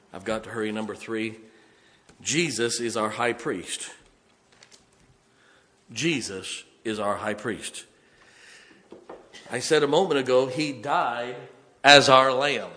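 A man preaching a sermon with fervor, repeating lines for emphasis and swinging from quiet to loud. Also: medium pitch. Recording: long hall reverb.

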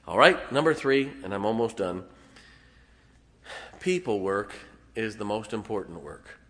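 A man's voice: fairly low pitch, expressive, a little slow, a bit bright. A middle-aged man preaching a sermon as pastor, folksy and self-deprecating, with frequent chuckles. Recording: long hall reverb.

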